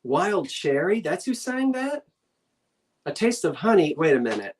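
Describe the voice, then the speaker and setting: An older woman with a New Jersey accent runs a live online antiques sale, slow and easygoing in her delivery. She chats and rambles, talking to herself and to her viewers along the way. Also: fairly low pitch, very animated, a little mellow, breathy edge.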